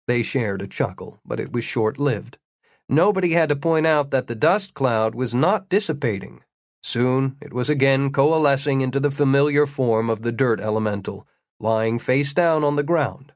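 A man's voice: mid-range voice, animated, normal speed, dry recording. Man narrating a story with dry humor. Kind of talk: audiobook narration.

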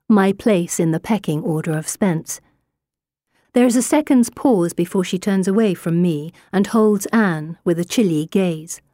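A woman narrates an audiobook in the first person, with a steady, wry delivery. Her voice sits a bit low and sounds warm and mellow. The recording is dry and close, with no room sound. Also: no echo.

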